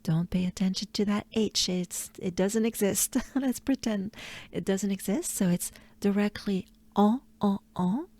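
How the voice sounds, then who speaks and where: A woman from France with a French accent, teaching pronunciation slowly and repeating each sound several times, sometimes in a whisper. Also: mid-range voice, mellow, dry recording. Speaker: pronunciation coach. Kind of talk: pronunciation lesson.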